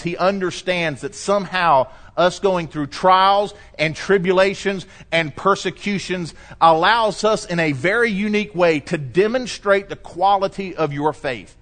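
A male pastor delivering a lively sermon, telling stories and acting out voices as he preaches. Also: on the high side. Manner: animated storytelling preacher, shifting pace, acts out quotes.

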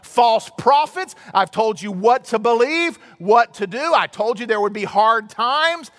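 A man preaching who briefly speaks as God, a calm all-knowing father who patiently states what he has foretold. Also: extremely high pitch, unhurried, heavily acted. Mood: matter-of-fact.

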